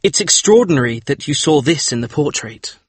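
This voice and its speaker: A man's voice: a little high, animated, brisk, husky, no room sound. A man playing an earnest troubled painter. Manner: pleading, earnest. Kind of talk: audiobook drama reading.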